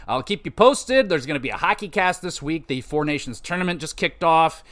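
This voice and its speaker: A young man hosting a solo gaming podcast, talking loosely and excitably with a lot of swearing. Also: on the high side, brisk. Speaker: podcast host. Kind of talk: casual solo podcast talk.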